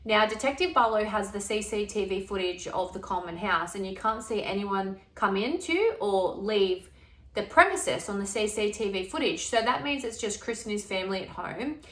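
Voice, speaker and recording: A woman's voice: medium pitch, expressive, moderate pace. A woman telling a true crime case in a casual, conversational way. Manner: chatty, retells exchanges in plain conversational speech. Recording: echoey room.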